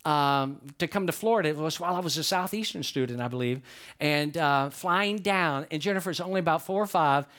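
A man's voice: on the high side, a little fast, a bit bright. A middle-aged male pastor preaching a sermon in a folksy, conversational way, often asking the congregation questions.

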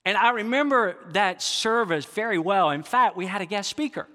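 A pastor preaching a sermon in an earnest, confessional way, often asking the congregation questions. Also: male voice, sits high, animated, normal speed, sharp tone, in a large hall. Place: large church sanctuary.

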